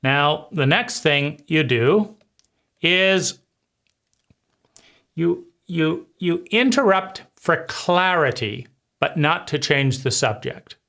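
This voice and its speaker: A man gives a spoken lesson on conversation skills at an unhurried, measured pace. His voice sits a little high for a man. He circles back over his points and checks in with the listener as he goes. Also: expressive, gravelly, a bit bright. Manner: slow, deliberate, repeats phrases and asks "right?". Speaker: life coach.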